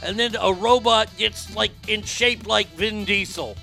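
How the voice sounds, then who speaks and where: A man's voice: sits high, unhurried, gravelly, over music. A man hosting a casual show, ranting sarcastically with lots of profanity. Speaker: podcast host.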